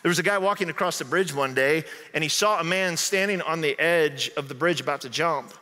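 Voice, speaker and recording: Speaking a little fast, the pastor's slightly high voice has a sharp edge. This southern Indiana man delivers a conversational sermon in his church sanctuary, often checking "right?", and the hall echoes.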